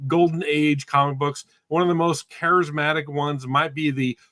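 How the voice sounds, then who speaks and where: A man's voice: on the high side, level tone, moderate pace, sharp tone, no echo. A man co-hosting a casual online comic book show, reading segments with playful alliteration. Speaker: co-host. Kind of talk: casual chat about comics.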